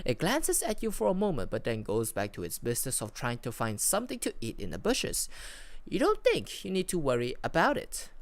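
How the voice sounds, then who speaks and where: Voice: medium pitch, wildly swooping pitch, fairly quick, dry recording. A VTuber from Malaysia, reading out and playing an interactive AI adventure story on a close streaming mic. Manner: storytelling, with rising and falling emphasis and small restarts. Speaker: VTuber host.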